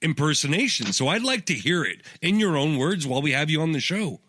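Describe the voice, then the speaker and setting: A man's voice: fairly high pitch, big pitch swings, fairly quick, pushed and bright, dry recording. A male radio host on a comedy show, teasing and pushing his guest. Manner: teasing, pushy interviewer.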